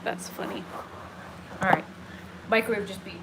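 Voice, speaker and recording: With a mid-range voice, fairly even intonation, and normal speed, a young woman vlogger chats during a kitchen live stream at home. She rambles and goes off on tangents, and the home recording carries clear background noise.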